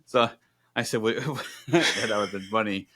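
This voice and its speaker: Low-voiced man telling an animated story. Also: a little slow. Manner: animated storyteller acting out both sides of conversations. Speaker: podcast co-host. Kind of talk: casual storytelling chat.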